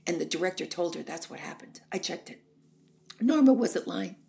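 A woman's voice: lowish voice, expressive, moderate pace, gravelly, mellow. A woman hosting a comic monologue, chatty and emphatic, rambling from one point to the next. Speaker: host.

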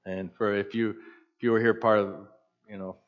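A pastor in his fifties preaching a sermon in an animated, conversational way with joking asides. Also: on the low side, normal speed. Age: 50s. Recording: slightly dull lo-fi sound.

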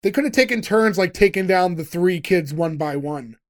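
A podcast co-host in casual chat, retelling a sitcom episode and acting out the lines with animated delivery. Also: medium pitch, normal speed.

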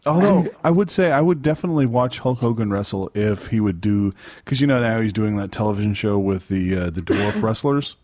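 A man's voice: fairly low pitch, fairly quick, hardly any pauses, darkish tone, no echo, clean studio sound. A man co-hosting a casual podcast chat, rambling with hesitant fillers and laughing asides. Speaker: podcast co-host.

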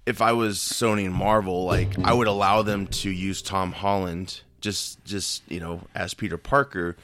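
A man's voice: sits low, steady tone, moderate pace, fairly bright tone, slight background noise. A young man co-hosting a casual movie chat, rambling and hesitant, often laughing between thoughts. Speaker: podcast co-host.

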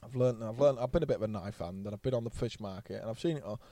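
A man's voice: on the low side, racing, mellow, no echo. Man in his thirties, podcast guest, rambling and sweary, dry close sound. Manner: blunt, swears freely, rambling anecdotes. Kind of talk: casual storytelling chat.

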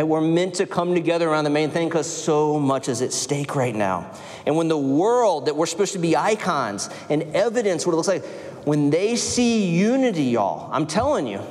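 A man's voice: fairly high pitch, darkish tone. Man preaching in an echoing hall. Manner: earnest preaching with rhetorical questions. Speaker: pastor. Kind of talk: sermon. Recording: long hall reverb.

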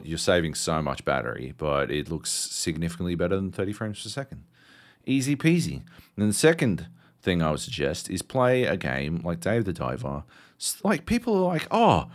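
An Australian man in his thirties co-hosting a casual podcast chat. He tells stories with lots of swearing. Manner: animated, swearing storyteller, jumps high in pitch for quoted outbursts. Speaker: podcast co-host.

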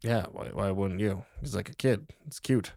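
A man's voice: fairly low pitch, moderate pace, vocal fry, darkish tone, dry recording, studio quality. A man running a tabletop game as game master, teasing the players and joking in character. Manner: teasing, jokey.

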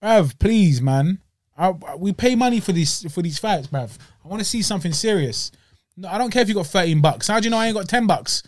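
A man co-hosting a podcast, ranting in animated casual chat and talking straight at the fighter, a little congested and short of breath. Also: sits high, fairly quick, no room sound, clean studio sound. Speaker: podcast co-host.

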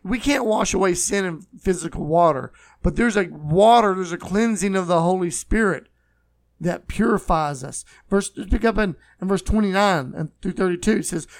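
Earnest high-voiced male preacher. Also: dry recording, studio quality. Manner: earnest, repeats phrases, slows for emphasis. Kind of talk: sermon.

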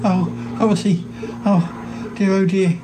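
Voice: medium pitch, little pitch movement, slow pace, over music, close to an everyday voice. A performer voicing Paul, a shy yeti shrunk very small, stammering and flustered.

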